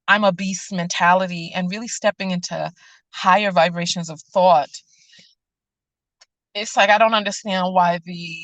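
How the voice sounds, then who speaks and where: A woman with a New York accent hosting a casual livestream chat from a city street, telling stories in an animated way with sudden high exclamations. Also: no echo, low-quality recording. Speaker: vlogger and show host.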